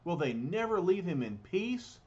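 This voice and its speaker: A man's voice: high voice, sing-song, unhurried, dull audio, slight background noise, voice pushed up. A man voicing a young male scientist who speaks bitterly, brooding over a secret.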